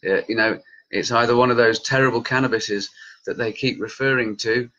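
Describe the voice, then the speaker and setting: A man's voice: mid-range voice, steady tone, a little fast, bright, forceful tone, highs cut off. A man in his late thirties, a campaigner talking straight to his viewers in heated, passionate vlog commentary. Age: late 30s. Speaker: cannabis campaigner and group leader. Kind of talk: vlog commentary reacting to news.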